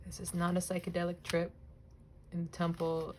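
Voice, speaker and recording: A young woman chatting casually while cutting images from a magazine, rambling, laughing often, swearing lightly and now and then dropping to a soft whisper. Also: on the low side, fairly even intonation, moderate pace, slight background noise. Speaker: crafting vlogger. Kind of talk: casual chatty crafting vlog.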